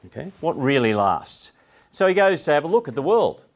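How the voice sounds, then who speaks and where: A man's voice: a little high, very animated, fairly quick. A middle-aged Australian man giving a conversational sermon, chatty and asking his listeners questions as he explains a text. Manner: chatty, asks the audience questions, frequent restarts. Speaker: preacher.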